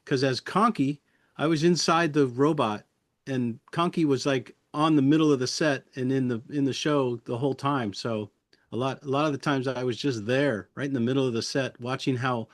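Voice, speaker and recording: A middle-aged man, a puppeteer guest, reminiscing in an interview with a friendly, chuckling manner and many pauses. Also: mid-range voice, no echo, studio quality. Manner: friendly, chuckling, halting with fillers.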